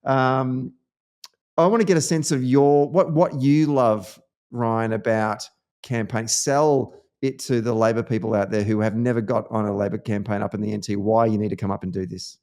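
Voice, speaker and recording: Australian male podcast host, chatty and animated, trades campaign yarns. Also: on the low side, normal speed. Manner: animated storyteller, lively anecdotes. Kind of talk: casual political chat.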